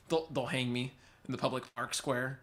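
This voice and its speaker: A man's voice: mid-range voice, steady tone, unhurried, fairly bright tone. A man from California's Central Valley hosting a casual livestream, rambling, laughing often and reading chat aloud. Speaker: livestream host and musician.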